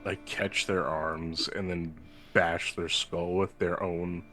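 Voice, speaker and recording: A man at a tabletop game talks slowly in a low voice, laid-back and deadpan. Faint music plays behind. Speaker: player. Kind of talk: casual game chat.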